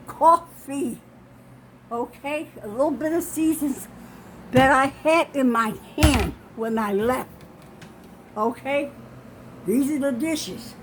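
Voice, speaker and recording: Older woman, high voice, unhurried, out of breath, insistent, phone in a small kitchen. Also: slight background noise, rough recording. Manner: insistent, keeps saying okay. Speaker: vlogger. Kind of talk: home video walkthrough. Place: small home kitchen, indoors.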